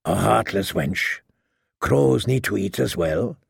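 A man's voice: lowish voice, animated, slow, creaky, slightly rough, no echo, studio quality, voice pushed down, full character voice. A man voicing a proud, mocking captive knight who speaks in a sneering, scornful way.

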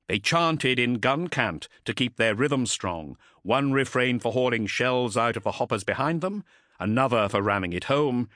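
A man's voice: lowish voice, a bit bright, no echo, studio quality. A man reading an audiobook in dramatic, vivid scripted narration.

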